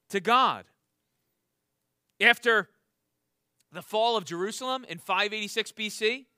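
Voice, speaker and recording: Casting: male pastor, high and very bright voice, earnest sermon delivery with questions to the congregation, dry close sound. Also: dry recording. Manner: earnest, repeats words when starting a thought.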